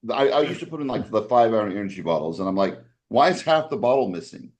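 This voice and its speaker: A man casually telling a long story on a podcast, rambling with restarts and acting out other people's lines in a raised voice. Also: fast talker. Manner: animated, acts out quoted voices with raised pitch.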